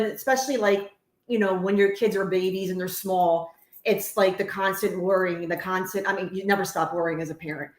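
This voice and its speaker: A middle-aged woman with a New Jersey accent co-hosting a podcast, blunt and outspoken, swearing freely in casual talk. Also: mid-range voice. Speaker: podcast co-host. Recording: echoey room.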